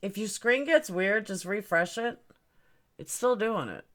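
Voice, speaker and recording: A woman's voice: medium pitch, animated, a little slow. A woman hosting a casual livestream, rambling about her stream settings and greeting viewers by name. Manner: puzzled, fiddling with stream settings. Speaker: livestream host.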